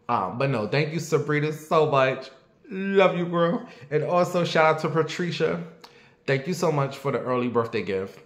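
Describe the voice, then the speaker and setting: A man's voice: fairly high pitch, expressive, normal speed. A man in his late thirties hosting his own show, talking bluntly and with plenty of profanity in a casual commentary monologue, and asking his audience what they think. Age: late 30s. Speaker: show host. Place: at home. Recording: echoey room.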